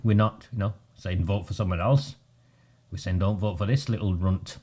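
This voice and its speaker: A man's voice: low-pitched, normal speed, warm tone, husky. A man, a local campaigner talking bluntly and combatively in a casual video.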